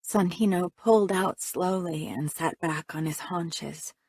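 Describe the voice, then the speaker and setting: A woman's voice: on the low side, measured pace, darkish tone, husky, no echo. A woman narrating a first-person audiobook in a reflective, conversational reading.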